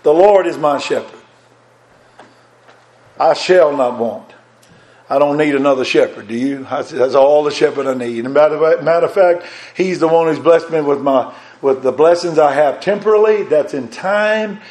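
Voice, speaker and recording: A man delivers a sermon in a fairly high voice. He is fervent, swinging between loud, pressing lines and soft, hushed ones. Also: normal speed. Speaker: preacher.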